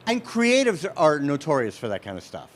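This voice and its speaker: Jokey man hosting, slightly high voice. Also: wildly swooping pitch, a little fast. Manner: jokey, repeats words as he talks. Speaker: host. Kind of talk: casual interview chat.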